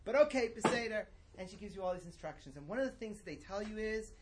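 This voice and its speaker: Speaking quickly in a high, animated voice, a middle-aged religious teacher delivers a lecture-style lesson that is conversational, digressive, and emphatic. Heavy background noise competes with him.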